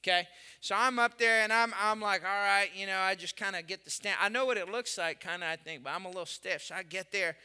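A male pastor delivers a sermon with a high, piercingly bright voice. He tells stories animatedly, rising to loud bursts and dropping to quiet, earnest passages. The sound carries a long hall reverb. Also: fast, clean tone. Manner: animated storytelling, swings from loud to hushed.

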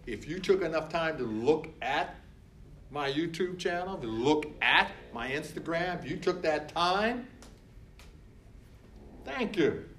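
A man's voice: on the high side, lively intonation, measured pace, fairly bright tone, slight background noise. A man speaking as a coach in a motivational talk. He is emphatic and repetitive, and he acts out other people's words.

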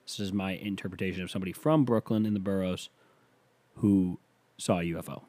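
A man's voice: low-pitched, fairly even intonation, brisk, dark tone. A man hosting a solo comedy podcast, delivering a rambling, sarcastic monologue full of swearing. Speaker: podcast host.

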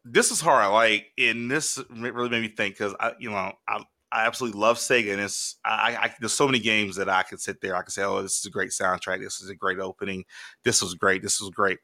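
A man co-hosting a podcast in casual chat, rambling and excitable with lots of restarts. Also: on the low side, fairly quick. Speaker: podcast co-host.

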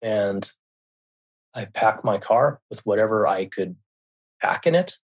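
Husky and fairly low, the middle-aged man's voice carries a personal story told casually. He halts often, restarting and correcting himself along the way.

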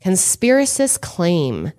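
A woman's voice: fairly low pitch, huge pitch swings, slow, mellow. A woman hosting a casual podcast quiz game, blunt and opinionated, laughing often. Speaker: podcast host and quizmaster.

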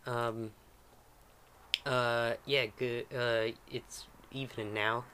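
A hospitable alligator person with a drawling Southern twang, as a man puts him on at the gaming table. He sounds folksy and eager to please, with a middling pitch. Faint background noise sits behind him. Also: flat delivery, drawn-out words. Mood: friendly. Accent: put-on American Southern. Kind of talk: improvised tabletop role-play.

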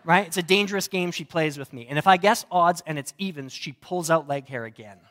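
Higher-voiced young male pastor, conversational. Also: brisk, fairly bright tone. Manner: conversational and humorous, varied delivery. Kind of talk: sermon.

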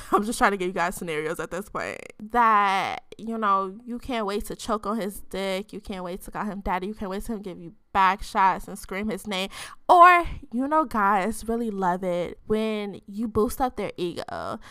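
Bright-voiced, tipsy, profane woman host. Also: mid-range voice, expressive, moderate pace, clean tone, dry recording, studio quality. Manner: loose, profane, rambling talk full of "like" fillers; says she code-switches into a different voice on the podcast. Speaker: podcast host. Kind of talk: casual frank sex-advice chat.

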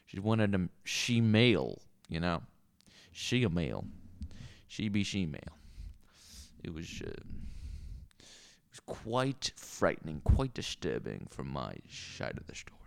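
A man's voice: sits low, wildly swooping pitch, slow pace, vocal fry, no echo, clean studio sound, pitched below the performer's own voice, heavily acted. A man voicing a crude, rambling male bar owner with a put-on Southern accent who swears a lot. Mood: leering storytelling. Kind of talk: improvised character comedy.

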